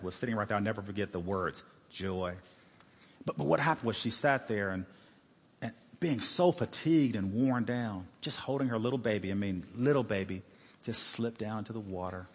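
A man shares a personal testimony from the pulpit, speaking earnestly and haltingly, often restarting his sentences. His voice is husky. It carries a long reverb from the church sanctuary. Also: fairly low pitch. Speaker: former police officer giving a sermon testimony.

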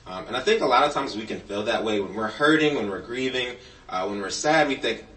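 A man gives a children's message in a church, playful and storytelling, tossing in jokey asides as he works with a puppet. His voice sits at an ordinary middle pitch. It was picked up from a distance in a roomy, echoing space. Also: animated, a little fast, sharp tone. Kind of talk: children's sermon. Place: church sanctuary. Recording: roomy, from off-mic.

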